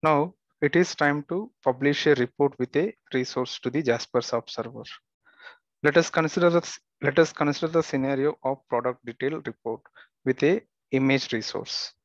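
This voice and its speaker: A man teaching a software tutorial, giving steady step-by-step instructions with the odd filler and restart. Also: medium pitch, moderate pace, no room sound, lo-fi sound. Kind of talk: screen-recorded software tutorial.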